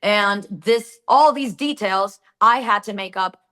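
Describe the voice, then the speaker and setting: A woman's voice: mid-range voice, takes it slowly. A woman with a Latin American Spanish accent, a native Spanish speaker, telling stories animatedly in an interview and acting out quotes. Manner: animated storytelling with acted-out quotes. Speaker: actress guest. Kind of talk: casual interview answers.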